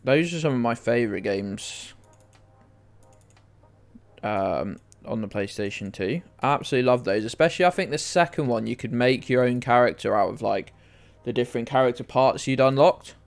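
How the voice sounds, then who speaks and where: Chatting casually as he plays, this young man from the UK live-streams a game, joking with his audience, wandering off topic, and cursing without restraint. He speaks at a normal speed in a creaky, mid-range voice, and there's faint background music.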